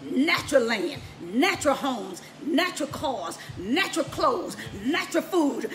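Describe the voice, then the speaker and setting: High, bright-voiced woman preaching. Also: very animated, unhurried. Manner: emphatic, repetitive, breaks into laughter and shouts. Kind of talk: preaching on a live stream.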